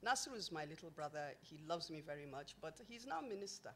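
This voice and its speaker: A woman with a somewhat low voice addresses an event audience from a podium microphone. She tells humorous personal anecdotes within a formal launch speech, delivering them emphatically and with lively energy. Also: fast, a little hiss or hum. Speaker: company founder giving a launch speech. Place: event venue before an audience.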